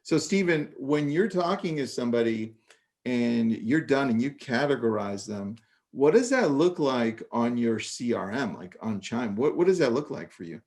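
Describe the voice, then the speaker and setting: A man co-hosting a casual real estate panel chat, telling stories in a lively, animated way with quick asides. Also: mid-range voice. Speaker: podcast co-host.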